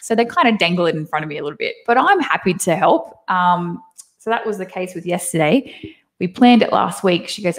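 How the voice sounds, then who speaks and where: Laughing Australian woman, lower voice. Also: fairly quick. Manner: laughs often, animated storytelling. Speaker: guest. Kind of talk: casual chat. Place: her home.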